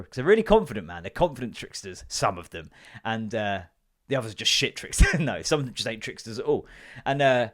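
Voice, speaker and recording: A man's voice: on the low side, lively intonation, fast talker, fairly bright tone. Bloke ranting on his podcast, swears a lot, voice bouncing all over. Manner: swearing, rambling storyteller doing voices. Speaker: podcast host. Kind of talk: casual comedic rant.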